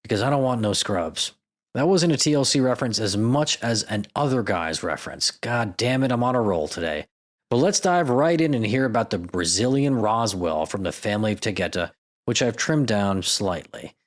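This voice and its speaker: A man's voice: lowish voice, very animated, normal speed. A man hosting a podcast, reading out stories with irreverent, profane, jokey asides. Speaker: podcast host. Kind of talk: comedic podcast narration.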